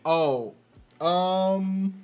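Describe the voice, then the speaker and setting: A man's voice: high voice, extremely slow, darkish tone, soft background music. A man streaming while he programs, muttering to himself, scolding his code and turning to joke with his viewers. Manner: self-mocking, laughs with viewers. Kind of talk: casual chat while programming.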